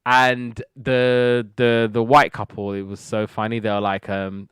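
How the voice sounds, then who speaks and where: A man hosts a casual podcast, walking through old sitcom episodes in a loose, rambling way. He slips into quick impressions of the characters' lines as he goes. His voice sounds smooth and clear, and the recording is dry and close. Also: medium pitch, steady tone, no room sound. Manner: rambling retelling, acts out quotes. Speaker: podcast host reviewing TV shows. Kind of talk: casual recap chat.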